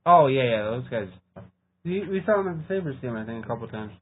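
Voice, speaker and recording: A man's voice: mid-range voice, animated, brisk, slightly rough. A man from Western New York co-hosting a casual podcast, joking at his own expense in a sheepish way. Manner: self-deprecating, sheepish. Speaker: podcast co-host. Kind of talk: casual banter. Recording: phone-like audio with faint noise.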